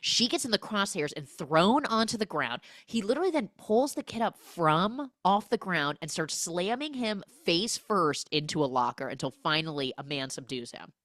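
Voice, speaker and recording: A young adult woman hosting a podcast, recapping a film in a casual, animated storytelling way. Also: lowish voice, moderate pace, hardly any pauses, dry recording, studio quality. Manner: animated storytelling, acting out characters. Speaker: podcast host.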